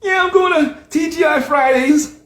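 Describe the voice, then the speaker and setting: A man putting on a shrill, airheaded, carefree American guy who babbles and shouts with lots of fillers. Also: moderate pace, roomy sound. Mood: giddy. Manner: squealing, shouting, rambling with fillers.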